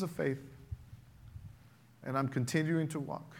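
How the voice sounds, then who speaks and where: A man's voice: on the high side, steady tone, unhurried, pauses often. A man preaching a sermon to his church, building emphasis in waves and acting out prayers and everyday objections. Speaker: pastor.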